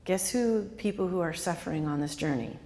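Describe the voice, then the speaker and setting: A woman's voice: fairly low pitch, brisk, darkish tone, long reverb tail. A woman author giving an interactive talk to a live audience, quizzing the listeners and repeating their answers back. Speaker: author and speaker.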